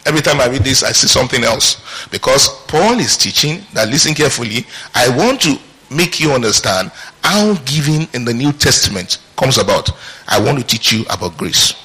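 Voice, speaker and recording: A man's voice: mid-range voice, animated, brisk, sharp tone, poor audio. A male pastor preaching a sermon, reading scripture aloud and asking his congregation questions as he teaches.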